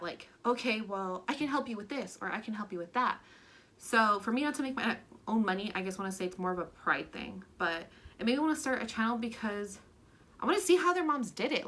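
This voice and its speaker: Young woman vlogger, bright and open, chatty Q&A delivery with plenty of fillers. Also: mid-range voice. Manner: chatty and candid, many "like" fillers, gets emotional. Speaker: stay-at-home mom vlogger. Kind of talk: casual Q&A vlog chat.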